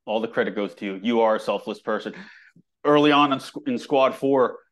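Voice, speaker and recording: A man's voice: medium pitch, fairly quick. A man in a group call giving an emotional, heartfelt tribute, swearing freely. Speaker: program member.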